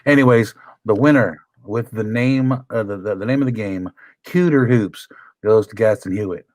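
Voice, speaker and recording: A man's voice: on the low side, moderate pace, a little mellow, no echo, poor audio. A man co-hosting a comedy show, chatting in a laid-back, profane way. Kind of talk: casual comedic banter.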